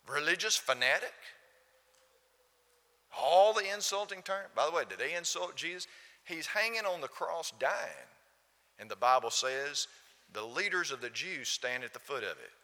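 Forceful preacher man in an echoing hall. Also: on the high side. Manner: emphatic, repeats rhetorical questions. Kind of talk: sermon. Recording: long reverb of a hall.

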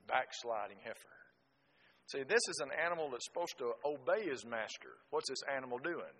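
A man's voice: mid-range voice, expressive, moderate pace, slightly rough, highs cut off. Man preaching in a reverberant hall. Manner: folksy storytelling, swings from loud exclamations to quiet asides. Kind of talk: sermon.

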